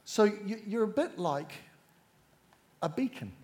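A man preaching a sermon to a congregation, measured and emphatic, drawing the listeners in. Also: high voice, big pitch swings, a little mellow.

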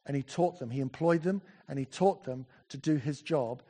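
A man preaching a sermon in a church, chatty and animated, full of asides and self-corrections. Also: mid-range voice, normal speed.

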